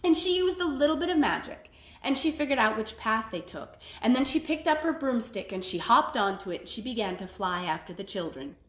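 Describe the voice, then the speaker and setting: A woman storyteller telling a traditional tale in an expressive, folksy way. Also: on the high side, fairly quick, reverberant. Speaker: library storyteller. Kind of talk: oral storytelling.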